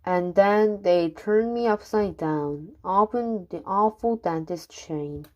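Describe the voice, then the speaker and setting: Slow woman reading rhyming poems aloud. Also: mid-range voice, lo-fi sound. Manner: unhurried, with occasional stumbles and restarts. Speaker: reader.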